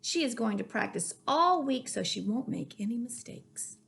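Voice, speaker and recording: A woman reading a children's picture book aloud in an expressive read-aloud manner. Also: fairly high pitch, normal speed, gravelly, slight background noise. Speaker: reader. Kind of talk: storybook reading.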